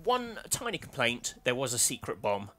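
A man's voice: mid-range voice, sing-song, normal speed, pushed and bright. A man co-hosting a let's play, chatting casually and joking with his co-host as he plays. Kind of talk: casual gameplay chat.

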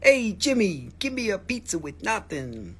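Brash middle-aged New Jersey pizza-shop guy, voiced by a man: put-on accent, husky, pushed up high and loud. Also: very animated, heavily acted. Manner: loud, pushy, fast comic barking.

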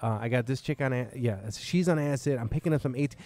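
Man, podcast host, comedian, quick rambling delivery, swears a lot, casual chat. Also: medium pitch, a little mellow. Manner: rambling, profane storytelling. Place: bar.

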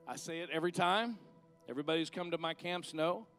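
A man's voice: a little high, fast, gravelly, a bit bright, faint music behind. A middle-aged man, preaching a conversational sermon and leading an altar call. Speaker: guest minister.

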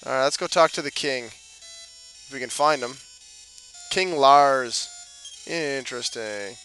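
A man's voice: medium pitch, takes it slowly, pushed and bright, faint music behind, poor audio. A man doing casual gameplay commentary, cracking jokes, swearing and talking back to the game characters. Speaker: let's play commentator.

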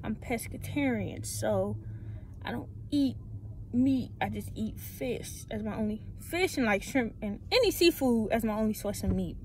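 A high-pitched young woman talks straight into her phone, loose and slangy, calling her viewers y'all. There's a faint hum of outdoor noise behind her voice. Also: lively intonation, unhurried, a little mellow. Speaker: vlogger. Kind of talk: casual vlog talk to camera. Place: in and around a parked car and stores. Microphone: phone held in hand.

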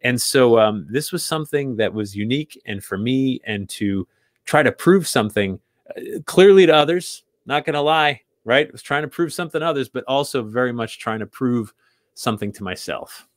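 A man's voice: medium pitch, expressive, moderate pace, no echo. Earnest man in his forties, dry sound. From New England. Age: 40s. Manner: earnest, reflective, repeats words when he restarts. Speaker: author guest. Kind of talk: casual interview storytelling.

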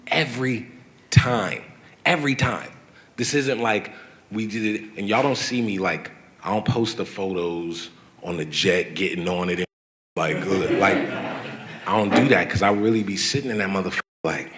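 A man in his thirties talking excitedly on stage at a live event, telling animated stories full of slang and laughter. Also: low voice, normal speed, a little hiss or hum. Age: 30s. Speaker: guest artist. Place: event venue before a live audience.

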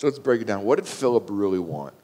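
A man preaching a sermon as pastor, animated and acting out the quoted voices with rising intensity. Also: on the low side, fast, long reverb tail. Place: church sanctuary.

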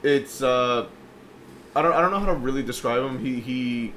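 A man's voice: mid-range voice, moderate pace, fairly bright tone, a little hiss or hum. A young man co-hosting a podcast, telling a profane story in casual chat and acting out the people in it. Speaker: podcast co-host.

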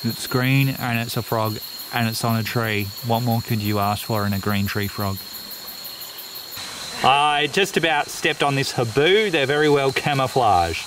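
A man's voice: mid-range voice, a little slow, noisy background. A man with an Australian accent hosting a wildlife vlog outdoors by a creek at night, chatty and calling the animals mate. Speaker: wildlife vlogger host. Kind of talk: casual field narration. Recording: outdoor recording with loud insects. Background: crickets and insects.

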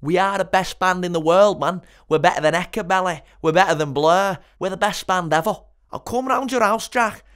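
Man playing boastful male rock frontman, swaggering, smooth voice. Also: sits high, normal speed, few pauses, fairly bright tone, voice pushed up. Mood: cocky.

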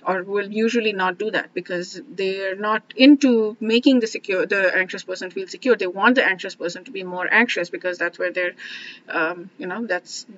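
A woman talking through relationship advice in a casual, reflective monologue, often restarting and trailing off softly. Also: mid-range voice, lo-fi sound, slight background noise. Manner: thoughtful, many restarts and asides, trails off softly. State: briefly emotional, near tears. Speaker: self-help vlogger.

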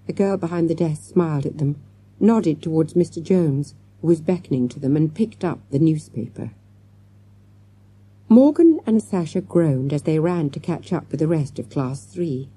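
A woman narrating a children's audiobook with lively storytelling and many character voices. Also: low voice, moderate pace, breathy edge.

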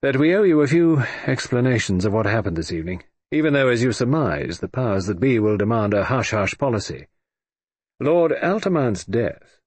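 A man's voice: medium pitch, very animated, moderate pace, breathy edge, no room sound. A man voicing a blunt, commanding army colonel in an audiobook reading. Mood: measured. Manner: brusque, commanding. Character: blunt gruff military colonel. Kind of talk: audiobook character voice.

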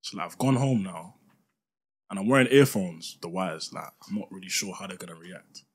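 A young man, telling stories in a relaxed, slangy way as a podcast co-host and laughing often. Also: low-pitched, moderate pace, husky. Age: young adult. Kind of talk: casual chat, storytelling.

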